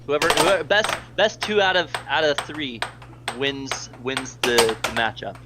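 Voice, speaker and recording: Over a very noisy recording, an American man with a mid-range voice and measured pace calls live air hockey play-by-play, nearly losing his voice. He rambles chattily and thanks donors between plays.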